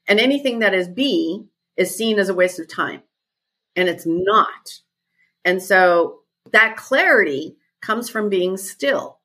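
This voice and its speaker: A woman's voice: medium pitch, expressive, takes it slowly, pushed and bright. A woman guest who leads retreats, talking thoughtfully in a podcast conversation and repeating her key phrases.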